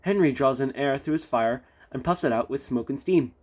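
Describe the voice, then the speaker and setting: A man's voice: medium pitch, normal speed, darkish tone, natural voice. A man voicing a sensible engine driver who explains things steadily in a storybook reading. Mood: calm. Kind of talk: storybook read-aloud.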